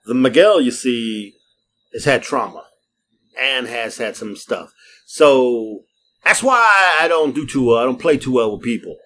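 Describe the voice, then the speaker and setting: A man's voice: medium pitch, expressive, a little slow, fairly bright tone. A middle-aged man co-hosting a podcast, brash and joking, laughing often and swearing freely in casual banter. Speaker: podcast co-host.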